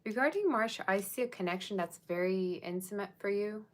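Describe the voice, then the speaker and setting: A woman's voice: mid-range voice, brisk. A woman giving a casual live-streamed tarot reading, chatting straight to her viewers in a musing, tentative way. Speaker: tarot reader.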